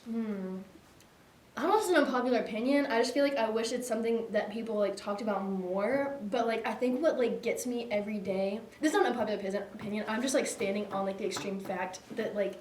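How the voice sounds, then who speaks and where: A woman's voice: mid-range voice, fast talker, a little mellow, slight background noise. A young woman co-hosting a casual chat show, rambling with lots of fillers and laughing easily. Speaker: co-host. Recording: echoey room, mic at a distance.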